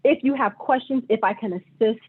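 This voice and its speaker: A woman's voice: a little high, fairly quick, slightly rough. A woman presenter, a bank executive, giving friendly, chatty closing remarks over a video call. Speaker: bank vice president presenter. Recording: tinny call audio.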